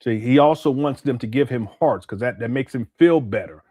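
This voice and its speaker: A man from Southern California hosting a reaction commentary, talking candidly and animatedly with quick asides and restarts. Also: medium pitch, mellow. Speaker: commentator and channel host.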